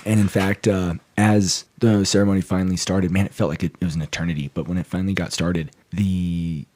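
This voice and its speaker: Man, podcast co-host, low mellow voice, dry close sound, excitable storyteller with jokey exaggeration. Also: a little fast, no room sound. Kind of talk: casual sports podcast chat.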